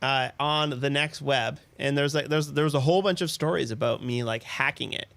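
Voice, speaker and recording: A man's voice: mid-range voice, a little fast, creaky, a bit bright, no echo. A man co-hosting a tech podcast, telling rambling stories packed with "like". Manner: rambling storyteller, lots of "like". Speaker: podcast co-host. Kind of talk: casual tech podcast chat.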